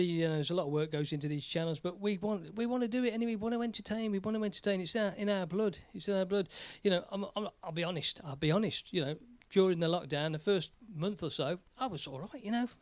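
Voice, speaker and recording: A man's voice: high voice, fast, hardly any pauses, no echo. Chatty English man hosting a live stream. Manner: chatty, rambling, jokey. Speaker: live stream host and singer. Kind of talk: casual live stream chat.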